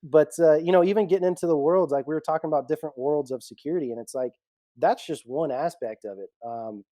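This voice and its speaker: Mellow-voiced man telling stories. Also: on the high side, fast talker, no echo, clean studio sound. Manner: animated storyteller, laughs often. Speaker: executive protection guest. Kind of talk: casual storytelling interview.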